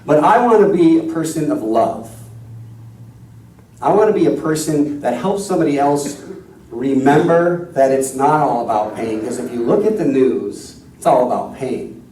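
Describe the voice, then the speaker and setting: Mellow male minister in an echoey hall. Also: mid-range voice, animated, normal speed, recorded from a distance, a little hiss or hum. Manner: conversational, self-deprecating. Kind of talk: sermon with storytelling.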